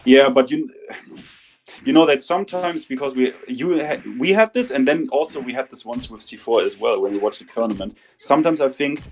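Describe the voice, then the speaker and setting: A man chatting casually as a guest on a stream, speaking in halting, hesitant bursts with many restarts. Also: medium pitch, a little hiss or hum, poor audio. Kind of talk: casual chat.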